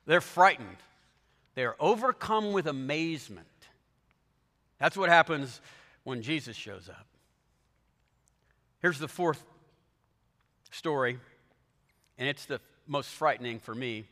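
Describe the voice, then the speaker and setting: Preacher with a bright, forceful, slightly high voice; dramatic storyteller; long hall reverb. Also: male voice, slow pace, pauses often. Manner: animated storytelling, dramatic shifts in volume. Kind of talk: sermon.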